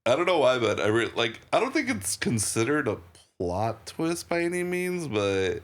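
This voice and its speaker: A man's voice: mid-range voice, sing-song, moderate pace. A man co-hosting a podcast, chatting casually and rambling about a film, swearing freely and laughing often. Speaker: podcast co-host. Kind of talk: casual movie review chat.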